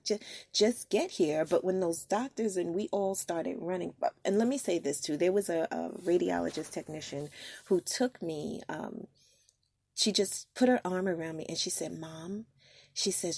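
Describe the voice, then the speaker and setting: Earnest woman podcaster, low gravelly voice, kinda husky, dry close sound. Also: unhurried, a little mellow, no echo. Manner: earnest, heartfelt, with frequent ums. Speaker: podcast host. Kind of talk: personal storytelling talk.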